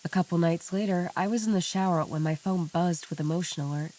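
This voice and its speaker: A woman reading a first-person horror story aloud in a measured, somber storytelling manner. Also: on the low side, warm tone. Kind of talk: scripted narration. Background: faint background music.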